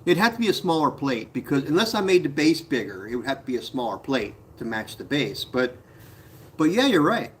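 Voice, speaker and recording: A man's voice: mid-range voice, big pitch swings, fairly quick, slight background noise. A man chatting casually on a live stream from his pottery studio, reading viewer comments aloud, talking to viewers by name and laughing often.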